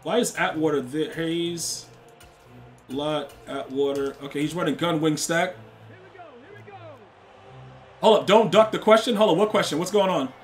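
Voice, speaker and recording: Speaking unhurriedly in a slightly high voice, a young man pauses often as faint music plays behind him. He's live-streaming a game, rambling in slang to his viewers and trash-talking his opponents.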